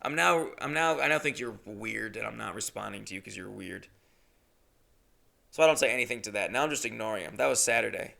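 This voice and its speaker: Young adult man, podcast host, gravelly voice, lively pitch, comic storytelling, indignant rants. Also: fairly quick. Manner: animated, indignant, mimics voices in exaggerated high pitch. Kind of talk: solo comedic storytelling.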